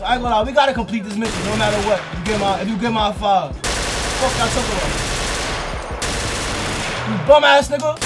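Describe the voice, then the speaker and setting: A man commentating a shooting game, trash-talking loudly with profane outbursts, his voice hoarse from yelling. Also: very high-pitched. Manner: loud, profane trash talk with yelled outbursts. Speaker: gaming YouTuber. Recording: game music and gunfire underneath. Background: game gunfire and music.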